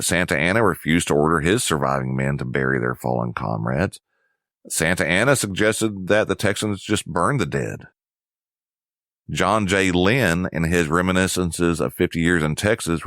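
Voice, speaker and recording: Very deep-voiced man narrating history. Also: fairly bright tone, dry recording, studio quality. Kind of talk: scripted history lesson narration.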